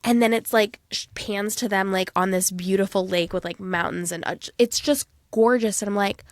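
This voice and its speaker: A woman in her thirties, a podcast co-host in casual chat, talking in an animated way and often trailing off mid-sentence. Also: mid-range voice, moderate pace, no echo, studio quality.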